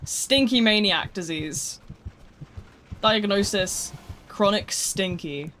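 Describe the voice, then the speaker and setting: A young woman talks casually to her stream audience. Her voice sits at a middle pitch. She is animated and profane and often breaks into laughter. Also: measured pace, slight background noise. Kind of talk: casual live-stream chat.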